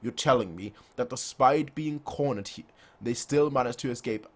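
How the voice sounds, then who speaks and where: A man's voice: medium pitch, moderate pace, lightly acted. A man reading as a wounded, apologetic general. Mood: solemn. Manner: formal, solemn reading.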